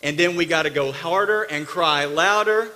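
High bright-voiced preacher. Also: male voice, normal speed, in a large hall. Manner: emphatic preacher, swinging between loud bursts and hushed asides. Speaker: pastor. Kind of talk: sermon. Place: church sanctuary.

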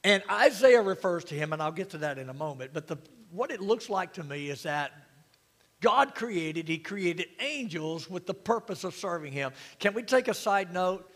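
A man with a high voice preaches a sermon to his congregation in a church, and his words ring with a long hall reverb. He mixes easy humor and questions to the crowd into his teaching. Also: expressive, normal speed. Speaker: pastor.

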